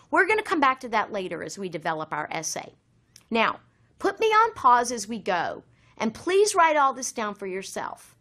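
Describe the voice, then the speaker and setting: A woman's voice: on the high side, fairly bright tone. A woman teaching essay writing in a recorded lesson, addressing students directly.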